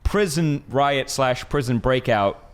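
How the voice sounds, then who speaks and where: A man's voice: mid-range voice, expressive, slow, smooth. A man co-hosting a casual pop-culture chat show, talking enthusiastically with lots of fillers and restarts. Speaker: show co-host.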